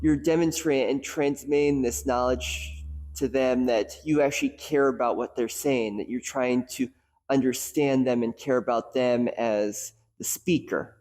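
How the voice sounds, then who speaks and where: Young man hosting a casual, self-mocking lesson, mid-pitched voice, long reverb around him. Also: fairly even intonation, a little slow, a little mellow. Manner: casual, self-deprecating, demonstrates emphasis and pacing. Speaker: host. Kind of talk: educational monologue on sports psychology.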